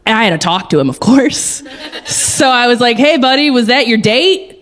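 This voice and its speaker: A woman's voice: on the high side, moderate pace. A woman doing a stand-up comedy set on a club stage, telling stories and acting out the people in them. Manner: animated storytelling, acting out quotes.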